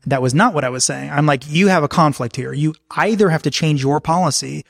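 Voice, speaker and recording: A man's voice: on the high side, fairly quick, creaky, no echo, clean studio sound. A man talking as a podcast guest, frank and anecdotal, acting out the exchanges he describes. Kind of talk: candid conversational storytelling.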